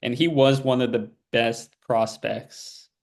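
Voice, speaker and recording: A relaxed young man in casual podcast chat, his voice sitting at an ordinary middle pitch. He meanders through thoughts with plenty of "like" and "um," loose and conversational. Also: slow, vocal fry. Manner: laid-back, rambling with fillers and restarts. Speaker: podcast co-host.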